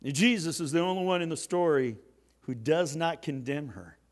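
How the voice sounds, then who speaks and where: A man preaching a sermon as pastor, swinging from soft, slow lines to loud, emphatic ones. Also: fairly high pitch, lively intonation.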